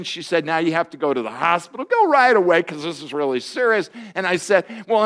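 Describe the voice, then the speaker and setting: A man in his fifties delivers a sermon in a notably high voice. He tells stories from his own life with humor, and his voice jumps up and gets louder whenever he acts out a quoted line. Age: 50s. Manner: storytelling with humor, voice jumping high and loud in quoted lines. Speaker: pastor.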